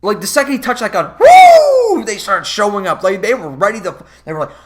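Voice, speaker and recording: A man's voice: high-pitched, wildly swooping pitch, fairly quick, heavy background noise. A man giving a profane, sarcastic commentary rant about a movie, sounding exasperated. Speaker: movie reviewer.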